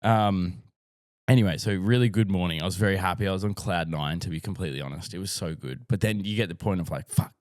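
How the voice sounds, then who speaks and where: A man's voice: sits low, fast, a little mellow, no room sound, clean studio sound. An Australian man and dad talking casually to camera, rambling and heartfelt, swearing often and filling with "like". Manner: rambling, sweary, says "like" a lot; openly emotional and heartfelt. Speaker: dad vlogger.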